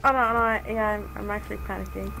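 A woman's voice: medium pitch, steady tone, fast, creaky, sharp tone, soft background music, poor audio. A woman playing a game with her sibling, chatting casually, playful and jokey with nervous outbursts. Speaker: sibling co-player. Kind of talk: casual gameplay chat.

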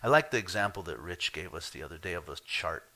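A fast-talking pastor with a low, expressive voice preaches a sermon, chatting with his congregation and swinging emphatically from soft asides to loud, insistent points.

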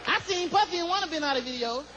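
A man doing stand-up comedy as host of a live show, riffing in a high, animated voice. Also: quick pace. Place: stage before a live audience. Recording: loud crowd and noise, live venue.

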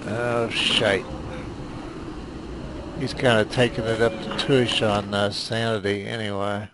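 A man's voice: lowish voice, level tone, takes it slowly, background noise. A man casually commenting on a video game as he plays, rambling and self-deprecating, often muttering to himself. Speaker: gameplay commentator. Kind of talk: casual let's play commentary.

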